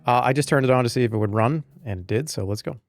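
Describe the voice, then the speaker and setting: A man's voice: medium pitch, fast talker, soft background music. Rambling joking streamer man. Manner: rambling, joking banter with chat, swings into loud animated rants. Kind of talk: casual live-stream chat.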